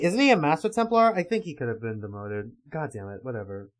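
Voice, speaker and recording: A man streaming as he reads a webcomic aloud, reacting excitably and swearing often. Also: medium pitch, brisk, few pauses. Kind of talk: casual livestream reading commentary.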